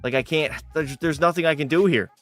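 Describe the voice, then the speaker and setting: Young guy streamer, fairly high voice, casual and profane, faint music under. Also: brisk. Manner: casual, swearing, frustrated outbursts. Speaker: gaming streamer. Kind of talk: live game commentary with chat.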